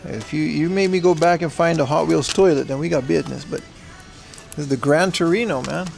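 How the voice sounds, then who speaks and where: A man's voice: fairly high pitch, fairly quick, gravelly, darkish tone, soft background music. A man casually chatting on a livestream as he browses a secondhand shop, slangy and talkative, answering his chat.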